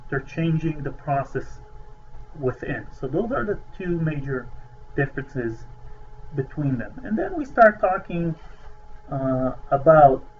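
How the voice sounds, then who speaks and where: A man's voice: on the high side, big pitch swings, a little slow, a little mellow, lo-fi sound, a little hiss or hum. A man giving a recorded lecture over slides, hesitant with many filler sounds, stressing key terms.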